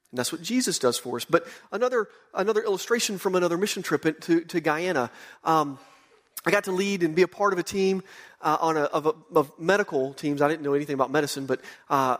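A man, preaching a sermon and telling a lively mission-trip story. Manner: animated storyteller, voices quotes with rising pitch. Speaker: pastor.

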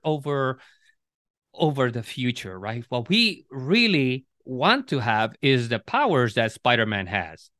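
A man's voice: medium pitch, a bit bright, no echo, clean studio sound. A man co-hosting a podcast, talking in a reflective, casual way with many restarts. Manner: reflective, restarts and repeats words. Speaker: podcast co-host. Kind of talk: casual conversation.

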